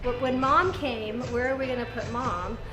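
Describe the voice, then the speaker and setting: A woman's voice: a little high, normal speed. An older woman speaking in a documentary interview with wry, chatty humor. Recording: echoey room with music underneath.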